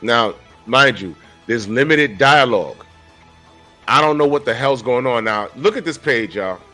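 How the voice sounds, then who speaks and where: A man in his forties giving animated, casual commentary on a comic book, talking straight to his viewers. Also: mid-range voice, unhurried, soft background music. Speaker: comic book reviewer and artist.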